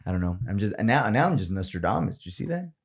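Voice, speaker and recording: Animated man co-hosting a podcast. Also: fairly low pitch, fast talker, breathy edge. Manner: animated, swears a lot, mixes in Spanish words. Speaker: podcast co-host. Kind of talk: casual chat.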